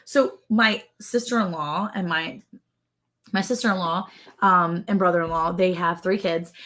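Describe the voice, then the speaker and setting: A woman's voice: lowish voice, steady tone, measured pace, fairly bright tone. A woman co-hosting a ranch livestream, chatting casually, laughing often and yawning. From Texas. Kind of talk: casual live-stream chat.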